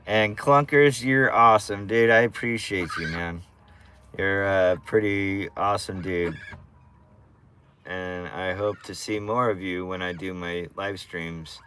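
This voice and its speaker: A man's voice: low voice, a little slow, pushed and bright, a little hiss or hum. A man chatting casually to viewers on a live stream in a laid-back, slangy way.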